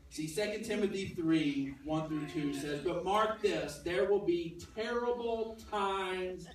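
Speaking slowly in a high-pitched voice, a male pastor tells a personal story during his sermon in a conversational way, performing the dialogue of the others involved. The recording comes from a distance in a very echoey church sanctuary.

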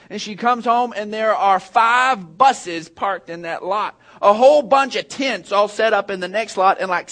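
Man pastor, high voice, storytelling sermon that drops low then builds loud. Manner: storytelling, swings from hushed to raised.

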